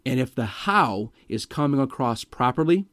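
A man's voice: medium pitch, lively intonation, normal speed, fairly bright tone, no room sound, studio quality. A man teaching sales skills in a direct, emphatic manner, asking his listeners rhetorical questions. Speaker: sales trainer. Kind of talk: instructional talk to camera.

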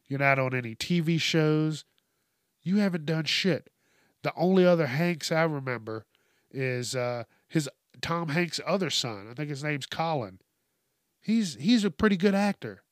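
A man with an expressive, fairly high voice hosts a comedic news show, delivering a profane, mocking rant at a measured pace with heavy swearing and frequent laughter. The audio is clean studio sound with no room noise.

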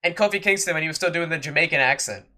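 A man's voice: fairly high pitch, racing, bright, forceful tone. A man co-hosting a wrestling podcast, ranting in an exasperated, sarcastic way. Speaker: podcast co-host. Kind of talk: casual wrestling podcast rant.

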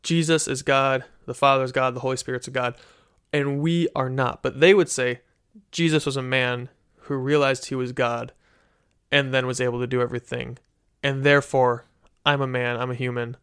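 A man's voice: medium pitch, steady tone, normal speed, fairly bright tone, clean tone. A man hosting a Christian teaching talk, speaking casually with many restarts and "right?" tags, from a desk with a microphone. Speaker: Christian teacher, podcast host. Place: room with desk and bookshelf. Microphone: studio microphone.

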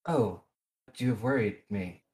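A woman voicing a calm, gentle father who is a priest of a death god, speaking softly and steadily. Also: very deep voice, measured pace.

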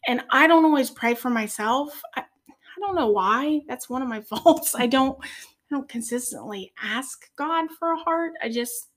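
A woman in her forties tells her story of faith as a podcast guest. Her voice sits a little high and soft, and it sometimes falls almost to a whisper. She speaks earnestly and with feeling. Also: expressive, normal speed. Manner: earnest, tearful at moments. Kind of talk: personal faith testimony.

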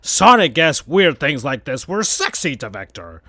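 A man hosting a podcast, reading absurd fan fiction aloud in a slow deadpan. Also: fairly high pitch, no room sound, clean studio sound. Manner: slow, deadpan, breaks into laughter. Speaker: podcast host.

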